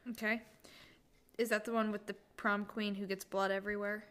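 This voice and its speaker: A woman co-hosting a podcast in casual chat, teasing her partner and asking quick questions. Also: medium pitch, level tone, fairly bright tone. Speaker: podcast co-host.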